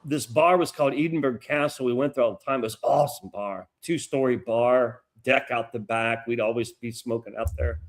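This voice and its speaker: A man's voice: mid-range voice, brisk, few pauses. Rambling, profane middle-aged man. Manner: profane, rambling, animated storyteller. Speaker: podcast co-host telling a story. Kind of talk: casual storytelling chat.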